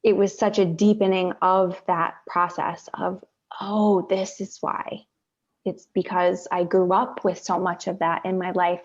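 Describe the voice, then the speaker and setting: A woman's voice: medium pitch, darkish tone. Woman coach, reflective and earnest, muffled lo-fi sound. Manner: reflective, earnest, says "right?" often. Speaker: body mind coach. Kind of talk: casual video-call discussion. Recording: dull lo-fi audio.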